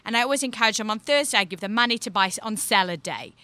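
Rambling woman guest, bright tone. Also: medium pitch, animated, racing, dry recording. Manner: rambling, filler-heavy explaining. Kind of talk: casual chat.

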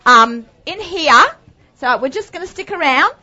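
A woman's voice: high voice, animated, measured pace, bright, forceful tone. An Australian woman hosting a live cooking demonstration, talking chattily and upbeat with lots of asides. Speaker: cooking show host. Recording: dull lo-fi sound.

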